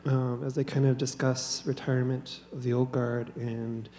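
A man from the congregation leading a spoken prayer in a church, halting, with many filler ums. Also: mid-range voice, little pitch movement, warm tone, slight background noise.

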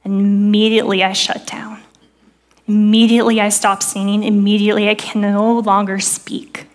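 A woman's voice: medium pitch, flat delivery, normal speed. A woman, preaching and telling her own testimony in church with earnest storytelling. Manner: earnest storytelling, dropping soft for quoted prayers. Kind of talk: sermon testimony.

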